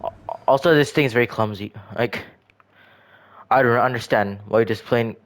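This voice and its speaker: Speaking at a moderate pace with medium pitch, this gaming video creator rambles through commentary on his game builds. He's hesitant, frequently restarting and self-correcting.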